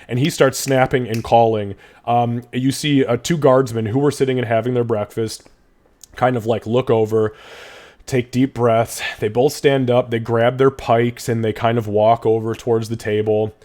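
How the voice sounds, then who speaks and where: A man's voice: medium pitch, fairly even intonation, moderate pace, darkish tone. A young man narrating as game master, describing scenes casually with plenty of swearing.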